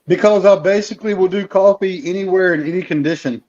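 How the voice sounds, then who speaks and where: High-voiced joking man on a call. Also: fast talker, darkish tone, muffled recording. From North Carolina. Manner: joking, rambling storyteller. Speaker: guest coffee streamer. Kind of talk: casual group video chat.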